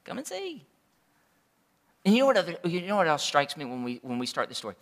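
A man's voice: a little high, lively intonation, very fast. A man preaching a sermon as pastor, in a conversational and joking way.

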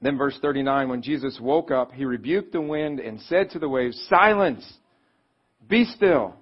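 A man preaching a sermon in a conversational, animated way, reading scripture and acting out quotes. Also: mid-range voice, normal speed, breathy edge. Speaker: pastor. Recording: slightly dull, lo-fi sound.

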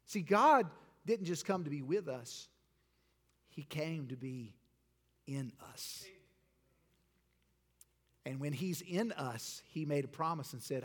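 A pastor with a somewhat high voice preaches a sermon ending in an altar call, animated yet slow with long pauses. He climbs to emphatic peaks, then drops soft and intimate. Long church-sanctuary reverb rings around his voice.

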